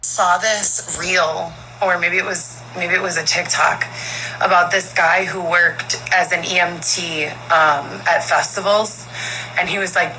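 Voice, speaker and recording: A woman's voice: fairly low pitch, fairly even intonation, unhurried, sharp tone, a little hiss or hum, poor audio. A woman talking earnestly and chattily to her followers in a clip from social media. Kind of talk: casual talk to phone camera.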